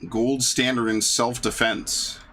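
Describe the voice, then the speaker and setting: A man's voice: medium pitch, little pitch movement, slow pace, sharp tone, slight background noise. A young man casually commenting on a game playthrough, rambling and swearing freely. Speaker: gaming YouTuber. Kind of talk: casual let's-play commentary.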